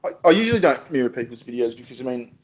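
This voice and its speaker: A man's voice: medium pitch, big pitch swings, very fast. A man chatting casually as a guest, joking and swearing often. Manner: sweary, joking, laughs a lot. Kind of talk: casual chat.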